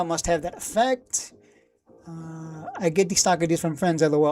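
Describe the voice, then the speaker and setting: A man hosting a live stock chat, answering viewers with blunt verdicts and jokes. His voice is mellow and on the darker side. He often trails off mid-thought and circles back. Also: fairly high pitch, normal speed. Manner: blunt, joking, laughs often, trails off and restarts. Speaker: stock market livestream host.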